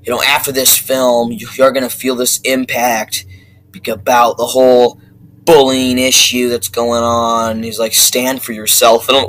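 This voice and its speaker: A young man talks through a movie review in a loose, rambling rant, swearing at every turn and tripping over his own restarts. His voice is bright and forceful, with a middling pitch. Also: normal speed, poor audio. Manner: profane, excitable, rambling with many fillers and restarts.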